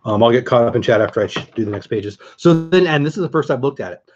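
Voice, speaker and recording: A man's voice: mid-range voice, lively intonation, fast talker, dull audio. Chatty enthusiastic man on a livestream. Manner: chatty, enthusiastic, greets chat viewers by name. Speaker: vlogger hosting a livestream. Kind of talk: casual livestream chat.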